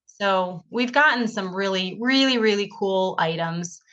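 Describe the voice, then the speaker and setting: A woman chats as a podcast guest over a video call. She rambles through her stories with a bright, forceful edge. The sound is dull and lo-fi, like compressed call audio. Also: lively intonation, a little slow. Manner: chatty, rambling, acts out quoted dialogue with big pitch jumps. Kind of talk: casual storytelling interview.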